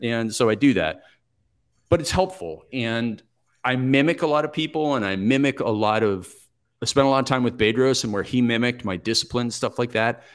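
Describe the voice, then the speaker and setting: A man in his forties, a podcast guest telling stories from his life in a reflective, steady, plain-spoken way. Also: mid-range voice, normal speed. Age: 40s. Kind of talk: conversational interview storytelling.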